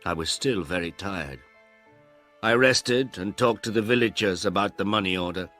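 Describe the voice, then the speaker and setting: A man narrating a storybook for English learners in a slow, clear, deliberate way. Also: lowish voice, fairly bright tone, soft background music.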